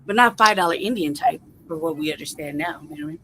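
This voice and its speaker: A woman's voice: sits low, fairly bright tone, slight background noise, rough recording. A woman co-host in crude casual banter, swearing freely and laughing often. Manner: profane, laughs often, drawls slowly.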